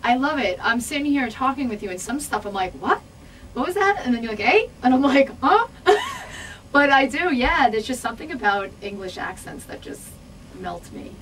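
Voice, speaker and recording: A woman's voice: fairly high pitch, lively intonation, fairly quick, slight background noise, low-quality recording. Bubbly, giggly woman singer. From New York. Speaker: singer guest. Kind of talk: casual radio interview. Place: radio studio.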